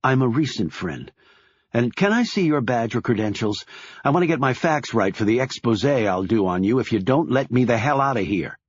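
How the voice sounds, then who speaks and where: A man's voice: medium pitch, very animated, normal speed, husky, no room sound, lo-fi sound. A man voicing a defiant young female reporter who talks blunt and demanding.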